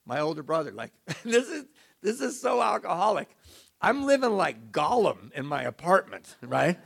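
A man's voice: sits high, sing-song, moderate pace, gravelly, husky. A middle-aged man giving a confessional, emotional, self-mocking personal testimony as a recovery speaker.

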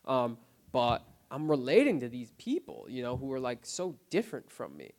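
A man sharing his recovery story in a casual, unscripted way, often quiet and subdued. He talks haltingly, filling his sentences with "like" and "you know what I mean" and restarting his phrases. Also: medium pitch, wildly swooping pitch. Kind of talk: personal testimony, casual and unscripted. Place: recovery group meeting.

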